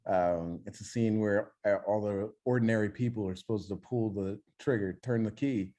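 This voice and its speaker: A young man co-hosting a podcast, telling animated stories in casual chat and swearing freely. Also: fairly low pitch, moderate pace. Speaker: podcast co-host.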